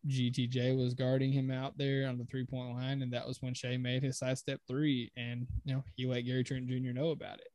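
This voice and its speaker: A man co-hosting a casual sports podcast, leading the talk in a relaxed conversational way and reciting game stats. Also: medium pitch, brisk, few pauses. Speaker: podcast co-host.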